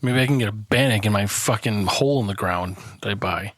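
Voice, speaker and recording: A man's voice: fairly low pitch, fairly quick, fairly bright tone, dry recording. A man co-hosting a podcast in a casual chat over beers, swearing freely, laughing often and telling stories with lots of animation. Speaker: podcast co-host.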